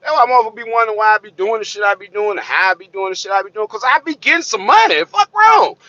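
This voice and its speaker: Speaking very fast in a high, sharp voice, a trucker vlogger delivers a blunt, profane rant straight to camera, streetwise and preachy, circling back to the same points. There's no room sound, and the recording is dull and lo-fi.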